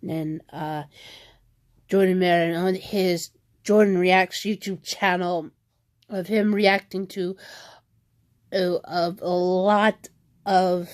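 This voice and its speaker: A woman's voice: lowish voice, steady tone, slow, long pauses, no room sound. A woman vlogger ranting at home in a rambling, frustrated way, often restarting her sentences. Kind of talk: venting rant vlog.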